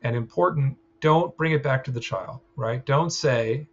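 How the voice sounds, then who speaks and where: A man's voice: mid-range voice, normal speed, few pauses, slightly rough. A man teaching a clinical training session, explaining ideas in a loose, conversational way and often checking in with "right?". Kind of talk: recorded training lecture. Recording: slightly dull sound with faint ambience.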